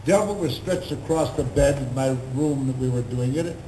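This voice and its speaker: An older man at a convention panel, telling anecdotes in a lively way, acting out what others said and laughing along the way. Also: medium pitch, normal speed, a little hiss or hum. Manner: animated, acts out quotes and laughs. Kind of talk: anecdotal storytelling. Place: large convention hall. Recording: echoey hall with faint crowd ambience.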